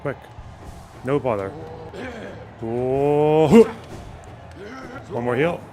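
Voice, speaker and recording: A man's voice: medium pitch, drawn-out words, mellow. A young man streaming a game live, reacting with constant swearing and panicky running remarks. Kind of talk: live gameplay commentary.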